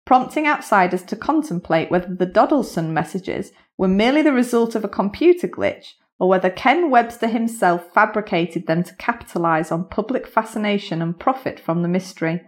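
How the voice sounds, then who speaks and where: A woman's voice: medium pitch, expressive, a little fast, hardly any pauses. A woman hosting a podcast, narrating a scripted story and chatting with a guest, laughing at her own slips. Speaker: podcast host.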